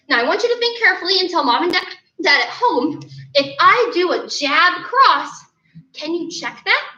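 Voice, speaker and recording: Woman, young adult, kids' martial arts instructor, encouraging, very high voice, roomy dull-sounding recording. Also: pushed and bright, a little hiss or hum. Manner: upbeat, encouraging, calls out drills. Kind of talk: online kids' class, coaching.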